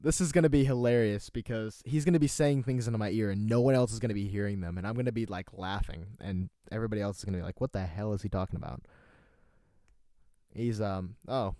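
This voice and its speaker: A man's voice: lowish voice, quick pace, hardly any pauses, mellow, no room sound, studio quality. A young man from North Carolina hosting a casual live stream show, rambling, joking and laughing often as he passes on what a friend on a call says. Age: young adult.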